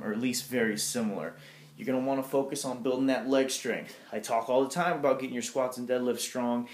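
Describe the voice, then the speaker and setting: Casual coach in an echoey room. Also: male voice, medium pitch. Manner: loose, off-the-cuff, with mild swearing and many fillers. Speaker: strength coach. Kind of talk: casual training talk to athletes. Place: gym.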